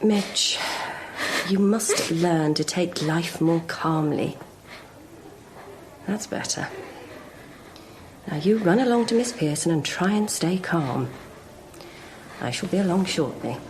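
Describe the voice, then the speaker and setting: An actress playing a stern but kind young headmistress who speaks firmly and calmly in a radio drama. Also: female voice, on the low side, slow pace, long pauses, a little hiss or hum. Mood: calming. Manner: firm, commanding, then gently calming. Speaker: headmistress character. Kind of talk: BBC radio drama acting.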